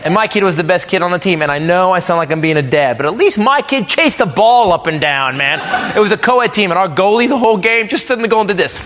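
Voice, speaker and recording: A man doing a stand-up comedy set, ranting and shouting his punchlines on a club stage. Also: high voice, animated, quick pace, few pauses, noisy background. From United States. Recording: live club recording, loud crowd laughter. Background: audience laughing.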